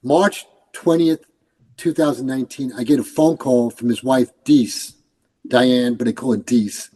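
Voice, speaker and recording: Older man, from New York, retired police commander, storytelling, mellow tone. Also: mid-range voice, a little slow, slightly rough, poor audio. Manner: animated, acts out quoted voices. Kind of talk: casual storytelling interview.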